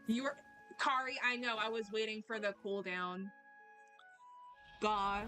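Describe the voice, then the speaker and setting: An American woman streams a video game, rambling, swearing casually, laughing, and talking back to her chat. Her medium-pitched voice is bright and forceful, unhurried, with frequent pauses. Game music plays beneath her.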